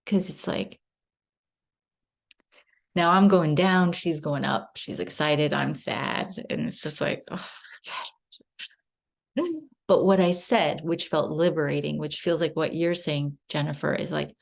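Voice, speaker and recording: Her voice is low-pitched, gravelly and steady, with a measured pace. A woman in her thirties, she tells a candid personal story in a relaxed spiritual group chat on video call, rambling and self-reflective.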